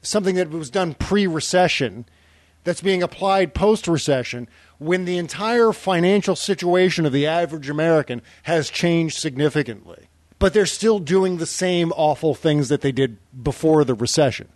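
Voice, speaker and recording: A man's voice: on the high side, moderate pace, darkish tone, no room sound. A man co-hosting a podcast in casual chat, laughing easily and restarting his sentences with lots of "uh"s. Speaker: podcast co-host.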